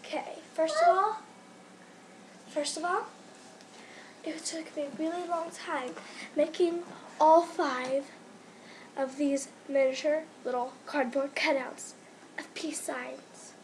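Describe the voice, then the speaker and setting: Brief: high, unhurried young woman hamming it up as a show host. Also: fairly even intonation, background noise. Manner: goofy, mock-earnest hosting. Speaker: host of a homemade comedy show. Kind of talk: playful amateur comedy sketch. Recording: loud guitar music behind.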